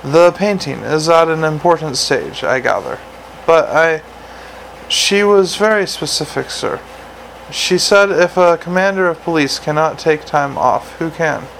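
Butler figure, male reader voices him, soft deferential storybook voice, gravelly edge. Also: fairly high pitch, expressive, measured pace, slight background noise, full character voice, low-quality recording. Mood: formal. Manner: formal, deferential, quiet. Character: polite, unflappable male butler.

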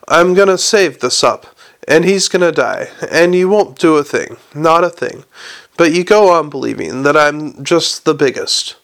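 A man's voice: a little high, expressive, a little slow, gravelly, fairly bright tone, full character voice. A man voicing a cruel, taunting teenage boy in a read-aloud story. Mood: menacing. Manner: mocking, menacing.

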